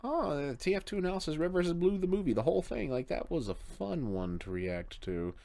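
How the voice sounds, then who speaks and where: A man's voice: fairly high pitch, lively intonation, a little fast, creaky, mellow. A man hosting a reaction video, rambling casually in late-night commentary. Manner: rambling, chuckling, tired late-night talk.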